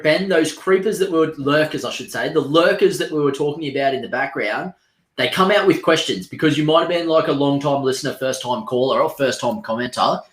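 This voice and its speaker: A man's voice: medium pitch, echoey room, poor audio. A man with an Australian accent, a property coach and former soldier, chatting bluntly in a casual live Q&A. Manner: blunt, chatty, uses slang. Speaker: property coach, military veteran.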